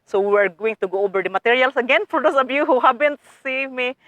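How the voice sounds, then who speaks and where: A woman's voice: high voice, fairly even intonation, fast, fairly bright tone, dry recording. Eager woman gardener talking to viewers. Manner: eager, addresses viewers as guys, non-native phrasing. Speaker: gardening vlogger. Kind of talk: casual how-to demonstration.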